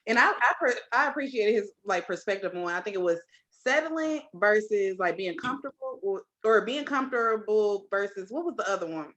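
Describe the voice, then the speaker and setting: A woman guest on a podcast in casual chat, relaxed and colloquial, peppering her talk with "like". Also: mid-range voice, a little fast, few pauses, muffled recording.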